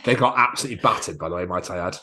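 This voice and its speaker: A man, co-hosting a podcast in casual chat, excitable and sweary, acting out quotes. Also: deep voice, rapid-fire, a little hiss or hum. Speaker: podcast co-host.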